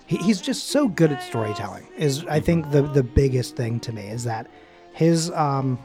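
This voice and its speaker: A man co-hosting a podcast in casual chat, animated and often acting out characters in playful voices. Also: mid-range voice, normal speed, over music. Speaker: podcast co-host.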